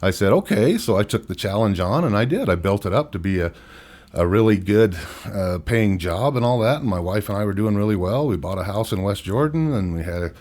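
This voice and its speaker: A man in his fifties with a very low voice tells his story to a podcast host. He is candid and rambles a little, and he often laughs at himself as he talks. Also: lively intonation, a little fast, darkish tone. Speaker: podcast guest. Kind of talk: personal storytelling interview.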